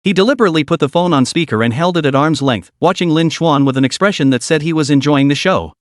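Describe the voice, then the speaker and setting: A man's voice: on the high side, quick pace, no echo. Man reading a story, dry close sound. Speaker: narrator. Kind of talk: scripted story narration.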